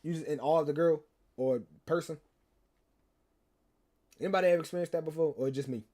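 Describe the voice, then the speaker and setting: A man's voice: on the high side, brisk, darkish tone. A young man, telling a rambling, slangy story to his stream chat and teasing viewers. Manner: rambling, slangy, repeats himself, teases chat.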